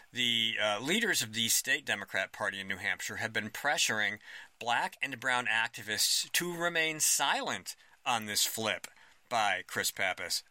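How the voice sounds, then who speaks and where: A man co-hosting a political talk show with a very bright, forward voice. He makes his points emphatically and with strong opinions. The sound is dry and close. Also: mid-range voice, dry recording.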